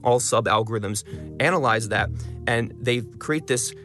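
A young man talking fast as an interview guest, explaining his ideas at length. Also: mid-range voice, fairly bright tone, faint music behind. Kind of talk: conversational interview.

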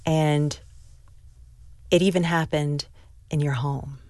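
A woman hosting a radio interview, asking measured, reflective questions. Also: deep voice, steady tone, a little mellow, no echo. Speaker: radio host.

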